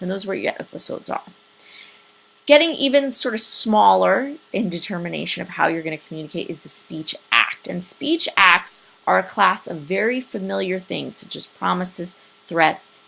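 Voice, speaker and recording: Woman prof talking through a lecture, kinda gravelly voice, lots of ums and restarts. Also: medium pitch, fairly bright tone. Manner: casual, chatty, full of fillers and restarts. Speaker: college communication instructor. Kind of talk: recorded lecture.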